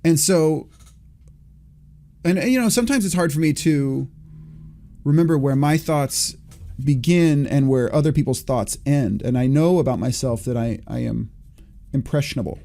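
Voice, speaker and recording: Mellow rambling male podcaster. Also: a little high, moderate pace, gravelly, long pauses. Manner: rambling, self-correcting, thinking aloud. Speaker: podcast host. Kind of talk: reflective solo podcast talk.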